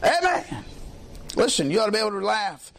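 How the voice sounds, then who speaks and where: High-voiced preacher calling out "amen". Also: male voice, sing-song, fairly quick, vocal fry. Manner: colloquial, peppers lines with "amen", swells into shouts. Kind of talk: sermon with congregation call-and-response.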